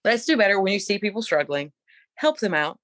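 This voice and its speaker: A middle-aged woman co-hosting a podcast, telling a story in an animated, opinionated casual chat. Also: mid-range voice, a little fast, no room sound. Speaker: podcast co-host.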